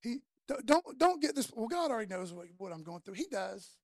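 A woman preaching a casual sermon, slangy and conversational, telling the story in an animated way. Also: a little high, fairly quick, dry recording, clean studio sound.

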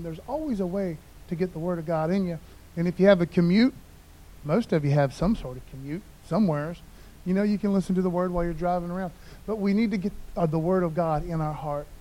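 A man preaches in a loose, conversational way, often dropping in "man" and asking the crowd for an amen. His voice sits high for a man and he shifts freely between quiet asides and raised, emphatic points. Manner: conversational, keeps saying "man", calls for amens. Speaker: pastor. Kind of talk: casual sermon.

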